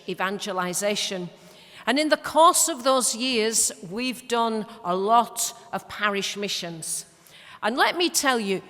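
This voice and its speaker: A woman's voice: a little high, a bit bright. A woman in her sixties with a Yorkshire accent, speaking at a church mission, telling stories with humorous asides and some hesitations. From Leeds, northern England. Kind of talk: church talk with anecdotes. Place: large church. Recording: long church reverb.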